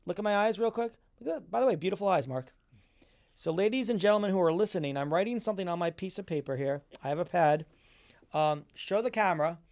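A man chatting as a guest, telling his own stories at a quick, animated, self-promoting pace. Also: sits high, no echo, clean studio sound. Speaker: foodie magician guest. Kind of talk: casual chat.

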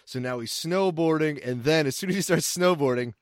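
A man's voice: a little high, a little fast, no echo, clean studio sound. A man co-hosting a podcast in casual, crude, rambling, jokey chat. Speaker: podcast co-host.

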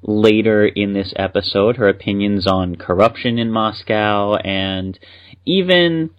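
A man's voice: on the low side, unhurried, smooth, highs cut off. A man co-hosting a casual podcast, upbeat and explaining at length. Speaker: podcast co-host.

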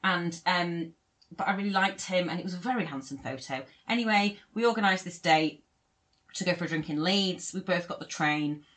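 A young woman, telling a dating story in a casual podcast chat, self-deprecating and animated. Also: lowish voice, moderate pace. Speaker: podcast co-host.

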